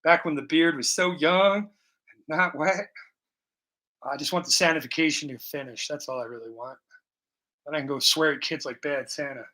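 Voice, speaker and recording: A man talks through a painting session on a livestream, picked up by a laptop mic. His voice sits a little high and rings bright and forceful. He rambles, jokes and swears, and now and then drifts into a few bars of song. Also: moderate pace, pauses often, rough recording. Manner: joking, profane, rambling, bursts into song. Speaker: live-streaming painter. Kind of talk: casual livestream chat while painting.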